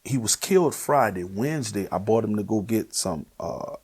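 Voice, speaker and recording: Husky New Orleans man telling his testimony. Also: lowish voice, lively intonation, moderate pace. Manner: earnest, emotional, drops to a hushed near-whisper. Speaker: guest sharing his testimony. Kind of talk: personal testimony storytelling.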